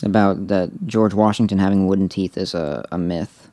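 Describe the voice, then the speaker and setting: A man co-hosting a podcast, reading a story aloud in a deadpan way with joking asides. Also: low voice, moderate pace. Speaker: podcast co-host.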